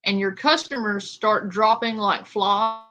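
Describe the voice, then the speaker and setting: A woman's voice: mid-range voice, fairly even intonation, unhurried, pushed and bright. A woman streamer giving casual, sarcastic commentary on a clip, blunt and swearing. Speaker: reaction streamer.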